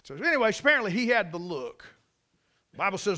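A man's voice: high voice, sing-song, fast, pushed and bright. A man with a Carolina Southern accent preaching a folksy sermon to a church congregation, telling stories with emphatic asides. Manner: drawling, storytelling, emphatic asides. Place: church service.

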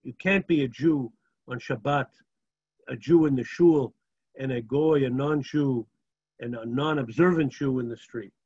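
In an unhurried, husky, somewhat dark medium-pitched voice, a religious teacher gives a storytelling Torah lecture, weaving Hebrew words into English. He keeps asking rhetorical "right?" and "okay?" questions, and the recording sounds dull.

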